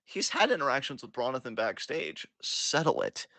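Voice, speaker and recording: A man trading casual banter on a wrestling podcast. His voice is bright and swings widely in pitch. He laughs a lot and swears freely, and the sound is dry and close to the mic. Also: sing-song, moderate pace, no echo. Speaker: podcast co-host.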